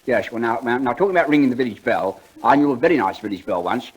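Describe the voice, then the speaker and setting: A stammering, cheeky wisecracker. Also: male voice, mid-range voice, animated, fast, breathy edge. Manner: stammers, fumbles for words, quips. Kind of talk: 1940s radio comedy acting.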